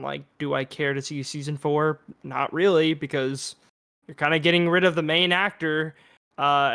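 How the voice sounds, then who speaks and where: Higher-voiced man, hesitant podcast co-host. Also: a bit bright. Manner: hesitant, filler-heavy, restarts. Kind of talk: casual podcast chat.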